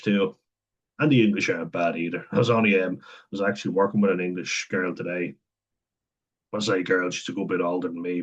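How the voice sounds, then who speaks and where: A very deep-voiced man with a husky edge talks straight to camera in a loose, rambling way. He drops casual swear words and laughs easily between points, and the recording sounds dull and lo-fi. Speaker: vlogger. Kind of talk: casual talk to camera, reading and commenting.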